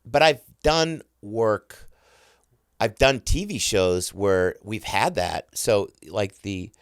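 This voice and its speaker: Lively middle-aged man telling stories. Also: on the low side, takes it slowly, clear, resonant tone, no echo, studio quality. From United States. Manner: excitable, self-interrupting, mimics sounds. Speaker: guest. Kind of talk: animated storytelling.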